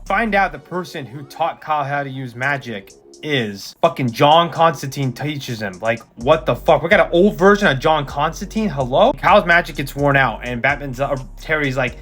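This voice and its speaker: A man giving a casual, excited recap of a comic book, talking with enthusiasm, swearing and lots of fillers. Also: a little high, brisk, soft background music. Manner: enthusiastic, profane, rambling with many fillers.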